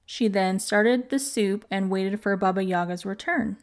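A woman hosting a podcast tells an old folk tale aloud. Her narration is calm and measured, with a mid-pitched voice. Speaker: podcast host. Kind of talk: storytelling narration.

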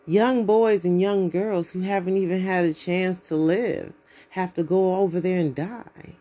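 A woman's voice: fairly low pitch, fairly even intonation, unhurried, mellow. A woman from the United States, hosting her own podcast in a blunt, profane, preachy monologue. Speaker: podcast host.

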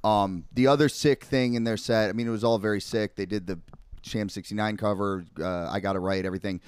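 A man's voice: lowish voice, steady tone, a little fast, smooth, no echo. A young man on a podcast, rambling in casual chat with heavy swearing and lots of filler words. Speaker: podcast co-host.

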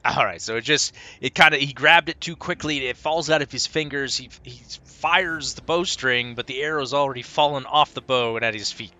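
A man with a very bright, sharp voice runs a tabletop game as game master. He narrates each attack in vivid detail and reasons through distances out loud. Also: mid-range voice, normal speed, hardly any pauses, no echo. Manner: descriptive, works out distances aloud.

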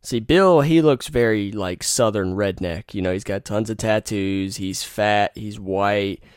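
Profane young man, smooth low voice. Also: unhurried, no echo, clean studio sound. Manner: profane, rambling, opinionated. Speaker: podcast host. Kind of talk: casual storytelling monologue.

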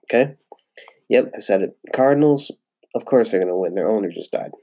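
A man's voice: on the low side, expressive, brisk, warm tone, a little hiss or hum. A young man hosting a casual solo sports podcast, rambling and swearing freely with lots of fillers. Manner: rambling and profane, with frequent fillers. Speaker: podcast host.

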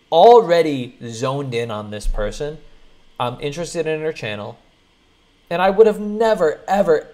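A male streamer reacting to a clip and talking excitedly to his chat. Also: medium pitch. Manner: excited, talks straight to chat.

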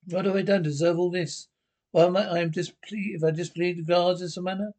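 A man's voice: high voice, fairly even intonation, quick pace, a little mellow, close to an everyday voice. An actor playing a put-upon middle-aged Roman emperor who complains theatrically about his lot, in 1960s British film comedy style. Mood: melodramatic. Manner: self-pitying, theatrical complaining.

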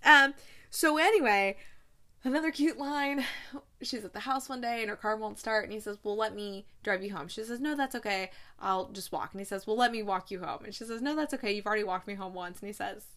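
A chatty woman recaps a movie in a casual, gushing way. She bounces between retelling scenes and playful little asides, with a voice of middling pitch for a woman. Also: fairly even intonation, a little fast, bright, forceful tone. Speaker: podcast host reviewing movies.

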